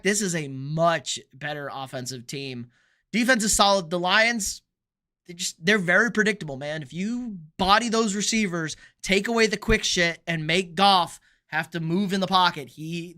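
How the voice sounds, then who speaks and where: Bright high-voiced man hosting a sports stream. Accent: Texan. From Texas. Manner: blunt, joking, opinionated, quick asides. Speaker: sports livestream host. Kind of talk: casual livestream chat reading comments.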